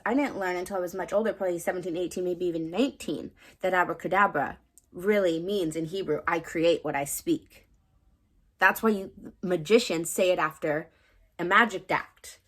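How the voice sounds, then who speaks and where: A woman's voice: fairly low pitch, a little fast, a bit bright. Young woman vlogging spiritual stuff, casual and rambly, lots of ums and likes. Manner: rambling, filler-heavy, frequent "like" and "right?".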